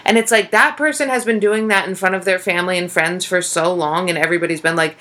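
A woman's voice: fairly low pitch, fast talker, sharp tone. A young woman comedian co-hosting a podcast, chatting casually in a rambling way, swearing freely and acting out quotes. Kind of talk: casual chat.

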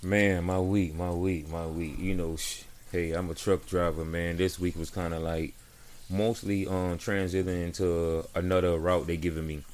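Deep-voiced laid-back man chatting. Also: level tone, moderate pace, darkish tone. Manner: laid-back, slangy, storytelling. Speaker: truck driver, podcast co-host. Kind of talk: casual chat.

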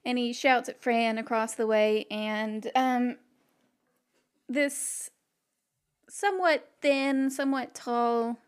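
Slow-talking woman game master. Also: a little high, steady tone, clean tone. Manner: laughing often, filler-heavy. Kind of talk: narrating a tabletop game.

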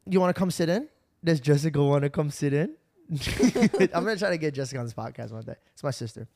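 A young man hosts a casual podcast, rambling through a story full of restarts and bursts of laughter. His voice sits a little high for a man, and he sounds tired from a night without sleep. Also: lively intonation, fast talker, darkish tone. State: running on no sleep. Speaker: podcast host.

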